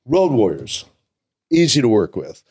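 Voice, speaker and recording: An older man from Minnesota chats as a podcast guest with a mid-range voice. He tells his stories in an animated way, stumbling over repeated words and breaking into laughs. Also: medium pitch, a little slow, slightly rough. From Minnesota, USA. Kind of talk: casual storytelling interview.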